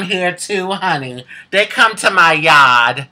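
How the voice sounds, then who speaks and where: Sassy woman with a sharp voice. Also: deep voice, unhurried, few pauses. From United States. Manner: sassy, candid, laughs often. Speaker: vlogger. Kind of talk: casual storytelling to camera.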